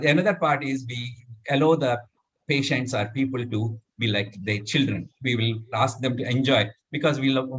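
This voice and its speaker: Man, middle-aged, laughter yoga instructor, demonstrating, bursts of cheering and laughing. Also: medium pitch. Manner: leads group with loud cheers and laughs. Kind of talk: live demonstration talk.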